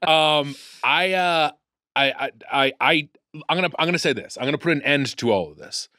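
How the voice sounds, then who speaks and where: A man's voice: a little high, lively intonation, moderate pace, pushed and bright, no room sound, clean studio sound. A man co-hosting a comedy podcast, talking emphatically with lots of swearing and stumbling restarts. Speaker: podcast co-host. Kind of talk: casual comedic chat.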